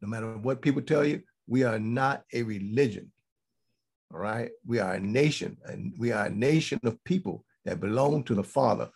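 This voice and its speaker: Gravelly-voiced man teaching scripture. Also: mid-range voice, moderate pace, darkish tone. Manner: repeats points for emphasis, checks in with "okay?". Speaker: teacher of a congregation. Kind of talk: Bible teaching sermon.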